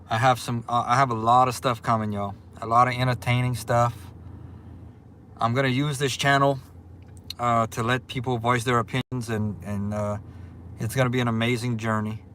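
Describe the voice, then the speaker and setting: Man, Louisiana Southern accent, casual livestream chat, relaxed drawl, middle pitch, faint traffic hum. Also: normal speed. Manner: relaxed, chatty, drawling, shouts out viewers. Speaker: livestream host.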